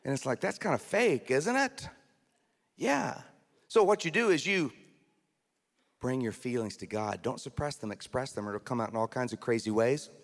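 A man preaching a sermon as a pastor, lively and conversational, often slipping into mock voices and asides. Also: mid-range voice, moderate pace, creaky. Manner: animated, acts out mocking voices, conversational asides. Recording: long hall reverb.

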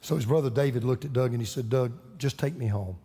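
Male pastor, storytelling sermon, dark husky voice, long hall reverb. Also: mid-range voice, quick pace. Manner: emotional, builds to fervent preaching.

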